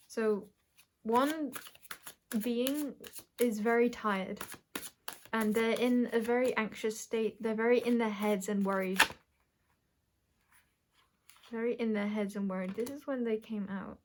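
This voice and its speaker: A woman giving a collective tarot reading, musing and halting as she draws cards and talks through what she senses. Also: fairly high pitch, steady tone, darkish tone. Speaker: tarot reader.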